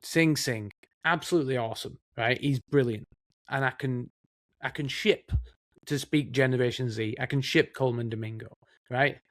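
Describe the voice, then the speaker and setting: A man's voice: mid-range voice, moderate pace, no room sound. Man, Northern English accent, casual film chat, rambling, dry close sound. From Northern England. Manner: chatty, rambling, says mate often. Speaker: co-host, film production assistant.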